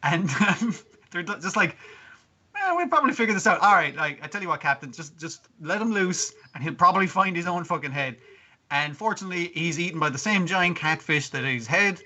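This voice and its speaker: A man's voice: a little high, brisk, bright, forceful tone, muffled recording. A man co-hosting a podcast, recapping an anime episode in casual chat, swearing and laughing as he quotes the characters. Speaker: podcast co-host.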